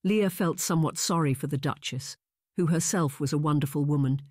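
A man narrates a romance audiobook in a measured, even reading. His voice sits fairly high for a man, and the recording is dry and close. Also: no echo. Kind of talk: scripted narration.

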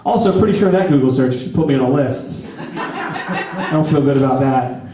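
Deadpan man in his thirties doing stand-up. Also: on the high side, moderate pace. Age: 30s. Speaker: stand-up comedian. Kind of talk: stand-up set. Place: back room of a skate shop, live audience. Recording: echoey room from far off, audience audible.

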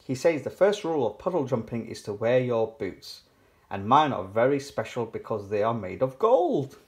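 A man voicing a boastful, excitable little girl piglet in a picture book read aloud, in a high, eager voice. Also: normal speed.

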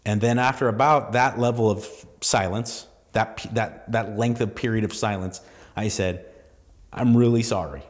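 Recorded with a big-room sound, this podcast host from southern California talks in a fairly low voice with fairly even intonation at a moderate pace. His solo monologue is rambling and profane, full of restarts and tangents.

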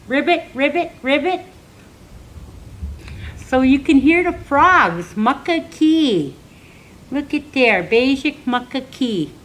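An older woman, an elder teacher, giving a slow, gentle lesson for children, counting and singing and repeating words for learners to say back. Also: fairly high pitch, low-quality recording.

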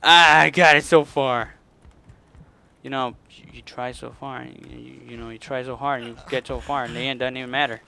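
A gaming channel host gives let's play commentary on his own gameplay, muttering and cursing at the game in frustration. His mid-range voice is level yet sharp, fast with vocal fry and few pauses.

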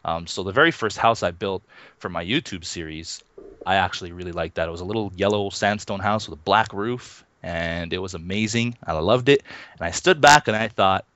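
This man, a thirty-something Minecraft YouTuber, talks fairly quickly in a low voice as an interview-show guest. His chat is easygoing, dotted with chuckles, fillers and restarts, and the dry recording comes through a dull, muffled lo-fi online call.

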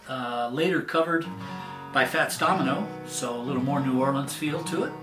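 A man's voice: mid-range voice, echoey room. A man hosting a daily song show, chatting casually and folksily with many fillers before playing a song. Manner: slow, relaxed, folksy talk with fillers. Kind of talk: casual chat introducing a song.

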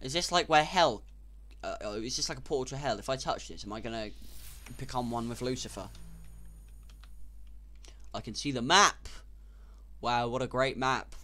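A young man giving casual, sarcastic gameplay commentary, swearing and breaking into sudden loud outbursts. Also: mid-range voice, normal speed, pauses often. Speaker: gaming YouTuber.

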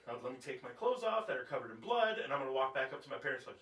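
A man's voice: a little high, very animated, fast, hardly any pauses, bright, forceful tone. A man preaching at a Bible study in a conversational, joking way, asking his audience questions as he goes. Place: church. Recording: echoey room, distant mic.

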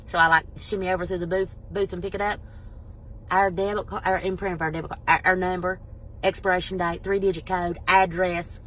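A middle-aged woman telling a story in a casual vlog, animated and exasperated. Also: on the low side, a little fast. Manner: animated, exasperated, quotes people in voices. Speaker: vlogger.

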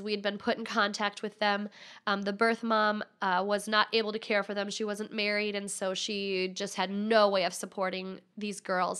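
A woman's voice: medium pitch, bright, forceful tone. A woman in her thirties, a podcast guest candidly telling a personal story.

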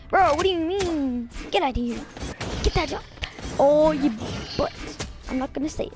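A woman livestreams a game from home, her voice pitched high and full of excitable trash talk. She swings between loud outbursts and mumbled asides, with music playing steadily in the background. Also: normal speed. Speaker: game streamer. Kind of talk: casual live-stream commentary while gaming.

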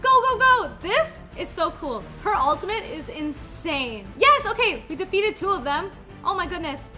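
Very high-pitched excitable young woman. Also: normal speed. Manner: excitable, repeats exclamations. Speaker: gaming host. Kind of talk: excited gameplay commentary. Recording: background music under voice.

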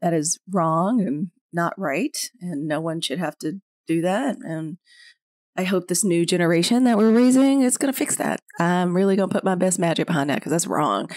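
A woman from Mississippi, a parent co-hosting a podcast, speaking in a candid, reflective casual chat with drawn-out phrasing. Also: fairly low pitch, expressive, a little mellow, dry recording, clean studio sound. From Mississippi, USA.

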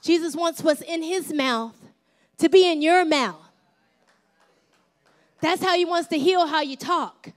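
Middle-aged woman pastor, high voice, lively playful sermon delivery, dips into whispers. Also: unhurried, pauses often. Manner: drops to a whisper at times.

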